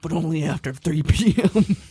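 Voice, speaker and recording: A woman's voice: sits low, normal speed, dark tone, a little hiss or hum, close to an everyday voice. A woman improvising a bossy, lewd school hall monitor who barks orders. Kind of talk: improv comedy.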